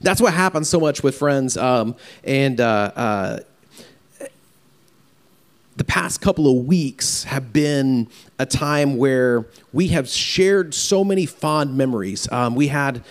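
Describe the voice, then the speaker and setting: A man preaching a farewell sermon in an earnest, halting way, often repeating words as he speaks. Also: medium pitch, animated. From Louisiana. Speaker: pastor.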